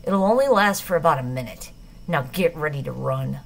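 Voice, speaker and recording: Scornful teenage boy, blunt and bossy, lower and gruff, for an audiobook voiced by a woman reader. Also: expressive, moderate pace, slight background noise. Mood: curt.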